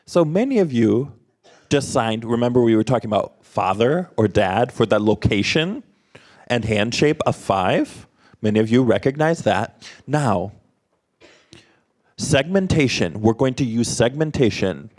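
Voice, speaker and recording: Slow, lively man leading a workshop. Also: medium pitch. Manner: quizzes the audience with short prompts and questions. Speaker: sign language interpreter voicing a presenter. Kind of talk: interactive workshop teaching.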